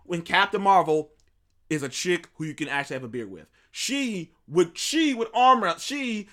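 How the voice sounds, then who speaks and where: A man's voice: high-pitched, sing-song, normal speed, a bit bright. A man hosting his own show, giving opinionated, profane movie commentary, ranting and repeating himself. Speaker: show host.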